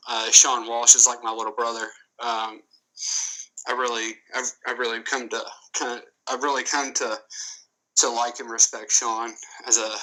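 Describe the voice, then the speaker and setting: A man guesting on a casual podcast, his voice very bright and cutting. He talks emphatically, circling back to repeat himself and restarting his sentences. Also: mid-range voice, poor audio. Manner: repetitive, emphatic, restarts often. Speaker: guest commentator.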